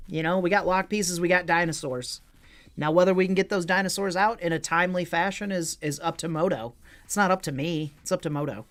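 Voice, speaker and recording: A man's voice: high voice, a little fast, fairly bright tone. A man casually commenting on his own online card game as a streamer, joking with chat and swearing freely.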